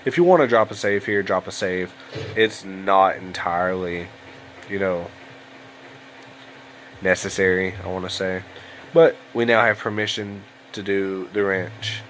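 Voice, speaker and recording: Tired low-voiced man rambling over gameplay. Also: steady tone, unhurried, long pauses, fairly bright tone, slight background noise, rough recording. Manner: chatty and rambling, tired and yawning late at night. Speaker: let's play host. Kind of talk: casual gameplay commentary. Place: home room at a computer.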